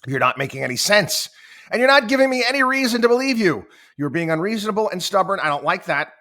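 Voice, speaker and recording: A man's voice: mid-range voice, expressive, brisk, pushed and bright. A man voicing an insistent AI chatbot that grows stiff, self-assured and scolding. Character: insistent, prickly AI chatbot, male-voiced.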